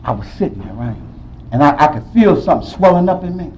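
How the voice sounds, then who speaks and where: A man sharing his personal story at a recovery meeting, telling it with emotion, swinging from loud outbursts to quiet low stretches. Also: very animated, fast talker, slight background noise, low-quality recording. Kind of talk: personal testimony.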